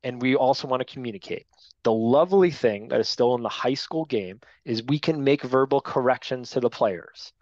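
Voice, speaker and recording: A man's voice: medium pitch, normal speed, darkish tone, no room sound. A man teaching a training class for new sports officials, direct and to the point, often tagging his points with "right?". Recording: dull lo-fi dry sound.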